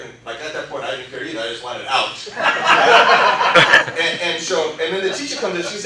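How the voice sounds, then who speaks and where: A man pastor telling a story during a sermon, animated and acting out the voices of the people in it. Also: fairly high pitch, normal speed. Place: church sanctuary. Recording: echoey church hall, mic at a distance.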